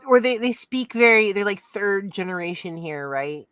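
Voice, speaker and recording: A woman's voice: medium pitch, lively intonation, moderate pace, a bit bright, smooth, no echo, soft background music. A woman in casual podcast talk, explaining her points in a thoughtful way. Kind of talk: casual chat.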